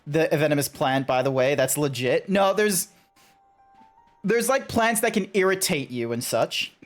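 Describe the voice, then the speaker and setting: Lively man streaming. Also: fairly high pitch, unhurried, faint music behind. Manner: animated, chatty, talks to chat, frequent laughs and restarts. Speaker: game streamer. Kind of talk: casual livestream chat.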